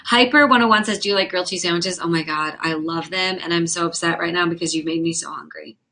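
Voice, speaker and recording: Low and creaky yet pushed and bright, this young woman's voice carries her casual livestream. As host and comedian she chats rapidly with viewers, reacts to their comments, and speaks frankly and profanely.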